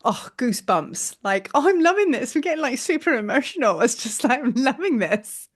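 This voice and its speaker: Chatty, effusive woman teacher, higher voice. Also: big pitch swings, normal speed. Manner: chatty and effusive, laughs often, many fillers. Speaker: spiritual teacher leading an online class. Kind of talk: casual group teaching.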